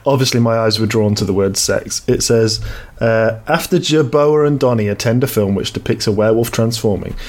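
A man's voice: fairly low pitch, moderate pace, a little mellow. A man co-hosting a podcast in casual chat, dry and teasing, with mock exasperation. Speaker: podcast co-host.

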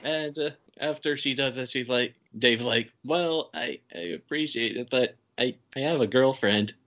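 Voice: mid-range voice, unhurried, fairly bright tone. A podcast host recapping a movie in casual chat, laughing while retelling scenes. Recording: dull, lo-fi podcast audio.

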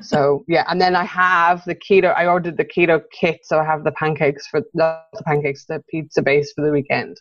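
A woman's voice: low voice, level tone, a little fast, hardly any pauses, highs cut off, faint music behind. A woman guest on a podcast, talking in a friendly, rambling way. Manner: friendly, rambling, laughs easily. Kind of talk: casual interview chat.

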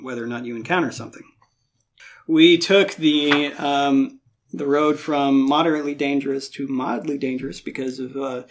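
A man running a tabletop game as game master, explaining rules with frequent fillers and quick laughs. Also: mid-range voice.

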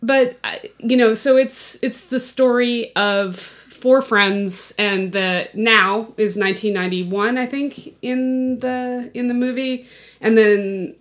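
A woman's voice: on the high side, steady tone, slow. A woman in her forties co-hosting a podcast in casual chat, meandering and hesitant with many fillers. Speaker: podcast co-host.

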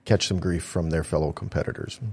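Man, very low voice, polygraph examiner guest, measured, filler-heavy. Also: fairly even intonation, a little mellow, slightly rough. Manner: measured and careful, heavy with ums and uhs. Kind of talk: casual interview answers.

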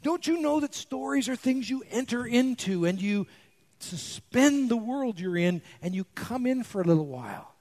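A man playing his gentle, kind wife, hushed and exasperated as she scolds him. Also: extremely high pitch, lively intonation, moderate pace, voice pushed up.

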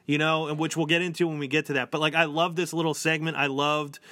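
A man's voice: a little high, little pitch movement, fast talker, bright, forceful tone, dry recording. A man co-hosting a podcast, talking casually with lots of fillers and restarts. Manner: chatty, many fillers and restarts. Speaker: podcast co-host. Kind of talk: casual chat.

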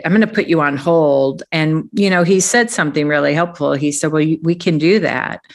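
A middle-aged woman speaking as an interview guest, telling her career story in a reflective, conversational way and laughing easily. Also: deep voice. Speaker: guest, executive coach.

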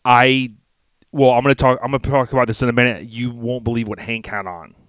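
A man's voice: mid-range voice, fairly even intonation, a little fast, fairly bright tone, dry recording. A man co-hosting a casual podcast, talking in a laid-back, rambling, folksy way. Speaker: podcast co-host.

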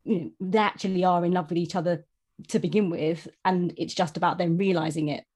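A woman's voice: lowish voice, fairly even intonation, fairly quick, darkish tone. A woman co-hosting a podcast, chatting about a novel in a hesitant way that often trails off. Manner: hesitant, trailing off, many fillers. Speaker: podcast co-host. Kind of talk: casual book discussion.

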